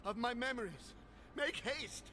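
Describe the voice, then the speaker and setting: A man's voice: extremely high pitch, unhurried, background noise. An actor voicing a fading male spirit in a video game, urgent and losing his memories.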